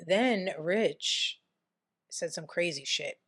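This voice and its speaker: Low-voiced woman giving casual commentary. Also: animated, slow pace, a bit bright, breathy edge, no room sound, studio quality. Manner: chatty, swears, reads quotes aloud. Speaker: commentary vlogger.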